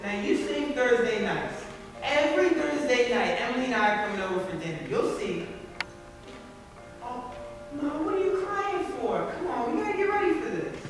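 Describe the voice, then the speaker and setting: A woman's voice: fairly high pitch, expressive, normal speed, over music, lightly acted. A woman playing a nervous boyish groom. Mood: anxious. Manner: anxious, stammering. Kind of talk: stage play acting. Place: theater stage. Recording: roomy hall, from far off.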